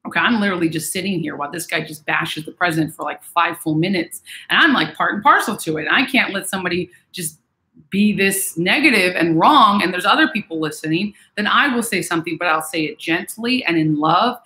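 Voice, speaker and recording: A woman vlogger giving casual advice to viewers in a chatty, animated way, acting out what other people say. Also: on the low side, fairly quick. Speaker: vlogger reading and answering viewer messages. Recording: echoey room.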